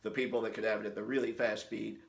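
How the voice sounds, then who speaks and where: A man's voice: on the low side, flat delivery, fast, creaky, roomy sound. A man hosting his company's video series, talking straight to camera in a goofy, shameless way. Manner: goofy, shameless, breaks into silly voices. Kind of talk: jokey direct-to-camera talk with impressions.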